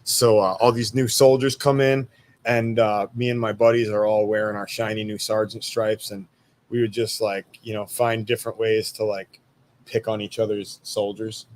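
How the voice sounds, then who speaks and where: A man's voice: on the low side, little pitch movement, moderate pace. A man in his thirties, an army veteran guest, telling stories in a laid-back way, swearing freely and laughing at his own jokes. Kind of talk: casual storytelling interview.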